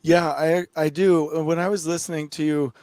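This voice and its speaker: Effusive man, slightly high voice. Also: flat delivery, normal speed, no echo. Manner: effusive and warm-hearted. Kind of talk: casual chat.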